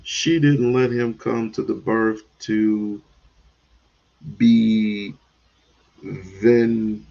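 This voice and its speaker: A man's voice: on the low side, steady tone, drawn-out words, gravelly, long pauses, mellow. Male stream host, blunt and drawling, talks to chat at a crawl; muffled lo-fi sound. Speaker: livestream host. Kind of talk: livestream commentary.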